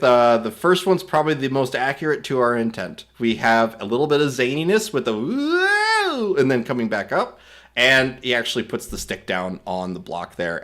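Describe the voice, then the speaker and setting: This man's medium-pitched, fairly bright voice guides viewers through an AI video tool in a casual screen recording. He goes step by step but rambles, self-corrects, and chuckles at what he says.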